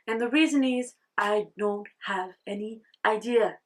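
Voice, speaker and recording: A young woman with a French accent talks in an unhurried, easygoing way, rambling cheerfully and laughing at her own slips. She is a native French speaker and sounds a little tired. Her voice sits at an ordinary middle pitch. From France. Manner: chatty, rambling, laughs at herself. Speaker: knitting vlogger. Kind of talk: casual vlog chat.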